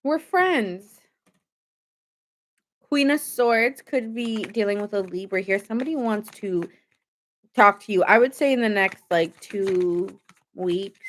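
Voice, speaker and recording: A woman's voice: mid-range voice, lively intonation, slow pace, long pauses. A woman giving a casual live-stream tarot reading, chatty and rambling, thanking viewers as she goes. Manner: chatty, rambling, reads chat aloud. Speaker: tarot reader.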